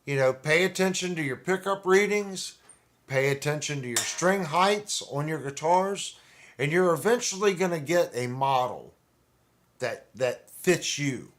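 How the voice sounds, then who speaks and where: A man's voice: a little high, animated, unhurried, fairly bright tone, a little hiss or hum. Rambling man on a casual livestream. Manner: rambling, conversational, with restarts and fillers. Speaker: livestream host. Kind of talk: casual chat about guitars.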